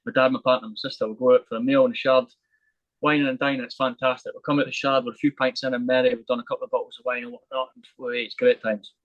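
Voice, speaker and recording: A young man talking fast as a podcast guest, spinning a story in a lively, animated way and swearing freely. His voice sits at an ordinary middle pitch and sounds close and dry, with no room around it. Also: no echo, dull audio. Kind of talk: storytelling in a casual interview.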